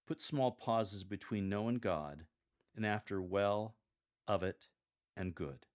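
Low-voiced man coaching scripture readers. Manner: deliberate, emphatic coaching with light humor. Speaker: lector coach, host. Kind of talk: instructional podcast on scripture reading.

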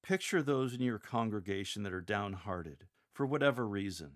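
A man giving a scripted lesson to church lectors on reading scripture aloud, measured and clear, slowing down to demonstrate emphatic proclamation. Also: lowish voice, lively intonation. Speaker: lector coach.

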